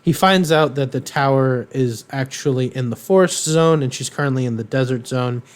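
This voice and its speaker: A male podcast co-host recaps a cartoon episode in a loose, rambling way, filling gaps with lots of ums and tossing in irreverent offhand jokes. Now and then he slips into character voices, acting out their lines in quotes. His voice sits at medium pitch.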